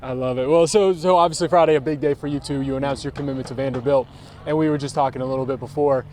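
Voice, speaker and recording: A man's voice: medium pitch, steady tone, fast, a little mellow. A man, a TV sports reporter, interviewing a player outdoors at a school field with friendly, joking questions.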